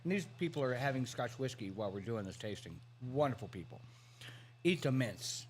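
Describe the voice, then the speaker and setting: Man, co-host, casual chat, enthusiastic storyteller, mid-pitched voice. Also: animated, fast, a little hiss or hum.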